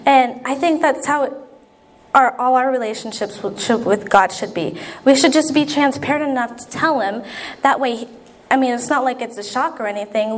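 A young woman delivers a sermon in a high, light voice. She talks earnestly and conversationally, slipping into spoken prayers. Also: animated, normal speed. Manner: earnest, conversational preaching with repeated appeals and acted prayers. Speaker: preacher.

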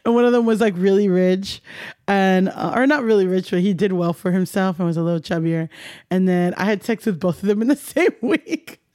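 A woman's voice: medium pitch, fairly quick, no room sound, clean studio sound. A young woman, a comedian, telling candid stories in an interview, laughing often and acting out the dialogue. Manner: animated, laughing, swearing, acts out dialogue. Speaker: comedian guest.

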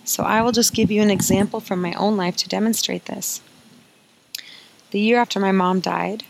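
Earnest woman with a gravelly low voice. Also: low-quality recording. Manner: earnest, confiding, repeats phrases for emphasis. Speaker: podcast host and coach. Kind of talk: emotional healing podcast monologue.

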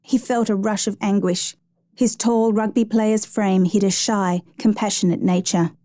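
A woman narrating a story in a measured, steady reading voice. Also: medium pitch, no echo, clean studio sound. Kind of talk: scripted narration.

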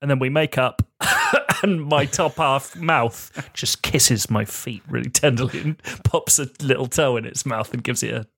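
A man's voice: medium pitch, a little slow, creaky, fairly bright tone, breathy edge. A man playing a comedy tabletop game, chatting in a giggly, playful way. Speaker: player. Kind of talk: casual play banter.

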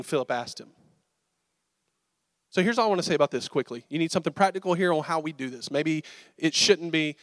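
A man preaching a sermon, telling stories in a casual, animated, conversational way. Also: a little high, fast, dry recording, studio quality. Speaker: pastor.

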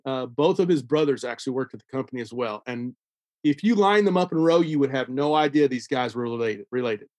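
Animated man telling a story. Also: on the high side, dry recording. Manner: animated storyteller, acts out quoted dialogue. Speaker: safety consultant, podcast guest. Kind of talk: casual storytelling.

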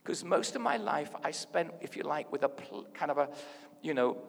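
A man preaching a sermon in a lively, playful way, dropping to a hush and then rising loud. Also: on the high side, normal speed, vocal fry, husky. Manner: animated, playful, swings from hushed to loud. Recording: hall reverb.

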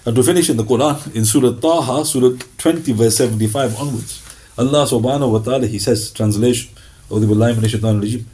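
A man giving a lively, conversational sermon and often slipping into quoted voices. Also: medium pitch, quick pace, low-quality recording. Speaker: Islamic preacher.

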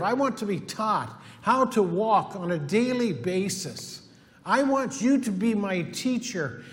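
A middle-aged male pastor preaching a sermon in an earnest, emphatic way, repeating his key points. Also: high-pitched. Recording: long hall reverb.

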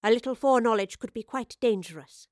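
A woman reading a storybook voices a clever woman professor with a careful, measured manner. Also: a little high, darkish tone, no echo, clean studio sound, close to an everyday voice. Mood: cautious.

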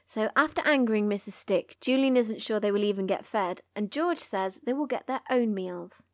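A woman's voice: medium pitch, moderate pace, a little mellow, no room sound, studio quality. Woman recapping a children's book. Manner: reads dialogue in character voices. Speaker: book podcast co-host. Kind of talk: chapter recap and read-aloud.

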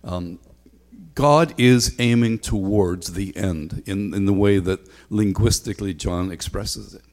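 A man's voice: on the low side, unhurried, a little mellow. A man preaching a sermon as a pastor, talking conversationally with frequent ums and a repeated refrain. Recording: long hall reverb.

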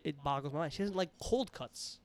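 A young man rattles along fast in a casual podcast chat, joking and animated. His voice is fairly high and clear. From New York. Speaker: podcast co-host.

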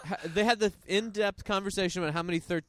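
A man's voice: high voice, steady tone, fast talker, a bit bright, no room sound. A man, a comedian guest, chatting casually and eagerly on a podcast. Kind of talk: casual chat.

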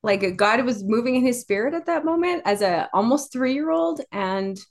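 A woman in her forties, a podcast guest who tells family anecdotes in a casual, animated way and laughs often. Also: on the high side, moderate pace. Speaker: guest, author and mother. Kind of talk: casual storytelling in a podcast interview.

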